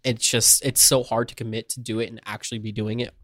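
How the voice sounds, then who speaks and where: A man's voice: mid-range voice, level tone, quick pace, fairly bright tone, no room sound, clean studio sound. A man co-hosting a podcast in casual chat, talking loosely with many "um"s and "like"s. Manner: loose and hesitant, full of "um" and "like". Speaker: podcast co-host.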